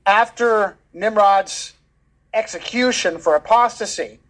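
A man with a notably high voice talks as a guest author in an interview. He speaks emphatically, often repeating words to drive his points home. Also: takes it slowly, a bit bright. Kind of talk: animated conversational interview.

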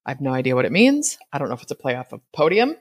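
A woman hosting a solo podcast. She talks in a candid, chatty way, with quick laughs and asides, and sometimes spells words out letter by letter. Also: extremely low pitch, big pitch swings, husky. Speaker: podcast host.

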